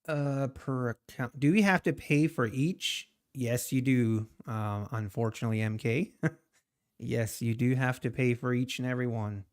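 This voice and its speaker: A man's voice: mid-range voice, measured pace. A man chatting casually on a live trading stream, rambling, laughing often and answering viewer comments. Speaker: live-streaming day trader.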